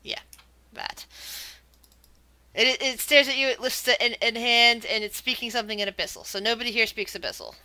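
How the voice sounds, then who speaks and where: A woman's voice: on the high side, brisk, bright, forceful tone, no room sound. A woman running a tabletop game as game master, narrating scenes and often restarting her sentences.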